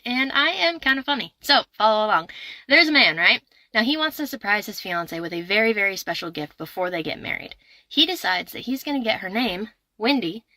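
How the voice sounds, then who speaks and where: A woman's voice: medium pitch, sharp tone, dry recording. A woman telling a dirty joke in a playful, sassy way. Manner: playful, sassy delivery with voiced characters. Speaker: joke teller.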